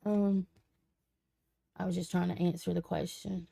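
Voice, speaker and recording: A woman's voice: fairly low pitch, level tone, unhurried, creaky, dark tone, breathy edge. A woman, a tarot reader chatting casually on a live stream, her voice cracking in and out. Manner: chatty, reads viewer comments aloud, folksy.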